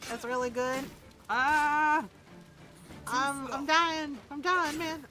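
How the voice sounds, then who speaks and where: A woman's voice: sits high, expressive, drawn-out words, pauses often, music in the background. A woman streaming a video game, chatting casually, joking, laughing often and mimicking characters as she plays. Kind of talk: casual gameplay commentary.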